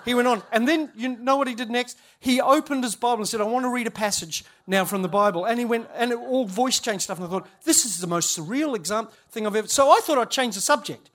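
A man's voice: very high voice, fast talker, hardly any pauses, a bit bright. A man, a church leader giving a humorous storytelling talk at a conference, chatty and self-interrupting, laughing at his own stories.

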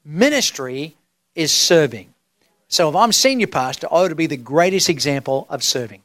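High-voiced pastor preaching. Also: male voice, animated, fairly bright tone, dry recording, studio quality. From Australia. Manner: emphatic, drawn-out preaching with rhetorical questions. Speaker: senior pastor. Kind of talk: sermon.

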